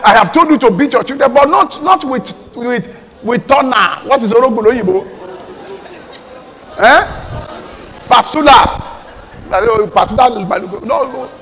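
A Nigerian pastor with a notably high-pitched male voice, delivering an emphatic sermon that swings between forceful exhortation and quiet pleading. His voice rings out with the long reverb of a big church hall. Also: expressive, takes it slowly, pauses often.

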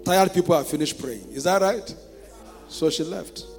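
A man with a Nigerian accent preaching a sermon as pastor, asking the congregation rhetorical questions and swinging between hushed storytelling and loud shouting. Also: on the high side, moderate pace. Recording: reverberant church hall with music.

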